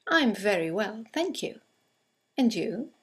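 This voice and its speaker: A woman narrating a scripted English conversation lesson, reading example greetings aloud with slow, clear delivery. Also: medium pitch, big pitch swings, a bit bright. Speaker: English teacher.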